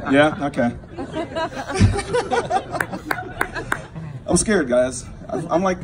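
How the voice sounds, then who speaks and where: Lively young man doing stand-up. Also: high voice, drawn-out words, pauses often. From Queens, New York. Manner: loose, rambling crowd work with frequent laughs. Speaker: stand-up comedian. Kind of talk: stand-up set. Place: small backyard show with a live crowd. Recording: live audience laughing behind.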